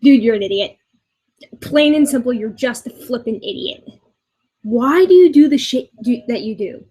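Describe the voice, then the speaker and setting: A woman's voice: on the high side, lively intonation, warm tone, husky, rough recording. A woman in her twenties ranting in a commentary video, exasperated and swearing, stumbling over restarts, at her boyfriend's house. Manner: exasperated, halting with many restarts, swears often. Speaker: vlogger.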